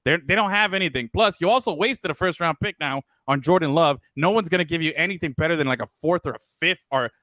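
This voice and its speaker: A man's voice: fairly high pitch, quick pace, few pauses, pushed and bright, no echo. A man co-hosting a casual sports talk show, loose and profane, rambling with plenty of fillers. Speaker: podcast co-host.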